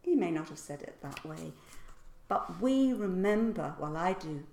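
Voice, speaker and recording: A woman's voice: on the low side, lively intonation, a little slow, warm tone, reverberant. A woman teaching public speaking in a casual lesson, playfully acting out example lines with exaggerated stress. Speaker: voice and speaking coach.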